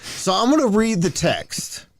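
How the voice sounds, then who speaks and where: A man's voice: sits high, measured pace, vocal fry, no echo, studio quality. A man co-hosting a podcast, animatedly telling a funny story in casual banter. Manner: animated storyteller, reads texts aloud. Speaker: podcast co-host.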